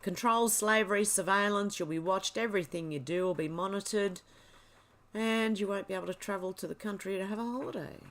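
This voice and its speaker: A woman hosting a livestream, reading social media posts aloud and chatting about them in quick, casual asides. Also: medium pitch, fairly bright tone. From Australia. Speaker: livestream host.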